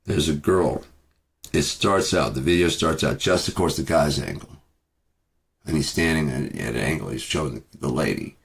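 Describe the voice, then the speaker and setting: Deep-voiced man ranting bitterly. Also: normal speed, gravelly, a little hiss or hum. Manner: bitter, swearing, repeats himself. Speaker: vlogger. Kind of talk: profane ranting monologue.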